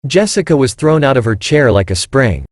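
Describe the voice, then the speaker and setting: A man narrating a scripted first-person story in an even, unhurried reading manner. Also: medium pitch, no room sound, clean studio sound.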